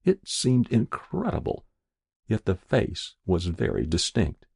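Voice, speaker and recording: Man, audiobook narration, very deep voice, husky, lively pitch, dry close sound. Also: dry recording. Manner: expressive, measured storytelling. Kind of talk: scripted story narration.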